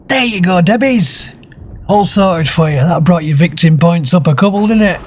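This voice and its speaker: A man's voice: high-pitched, animated, darkish tone, slight background noise. A man doing mocking, sarcastic commentary over video clips. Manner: mocking, sarcastic, drawn-out delivery. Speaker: commentary channel host.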